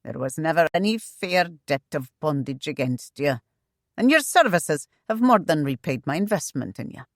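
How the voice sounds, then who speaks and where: A woman's voice: sits low, expressive, moderate pace, dry recording. A woman voicing a stern older male squire who speaks in a clipped, cold way, in a dry recording.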